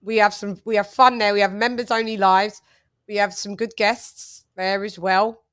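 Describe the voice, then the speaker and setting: A young British woman chats easily on her own boxing livestream, reading out viewers' comments and laughing along with them. Her voice sits at a middle pitch for a woman, relaxed and conversational. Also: moderate pace, clear, resonant tone. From United Kingdom. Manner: chatty, laughing, shouting out viewers.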